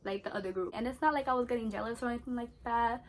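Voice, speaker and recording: High-voiced chatty New woman. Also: very fast. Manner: animated, chatty, slangy, laughs often. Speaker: beauty vlogger. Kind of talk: casual storytime during skincare routine.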